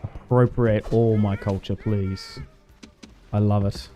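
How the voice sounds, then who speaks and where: Jet-lagged streamer with a dark voice. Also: male voice, lowish voice, steady tone, slow pace. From Australia. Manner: laughs often, mimics other voices when retelling. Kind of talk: casual livestream chat while gaming.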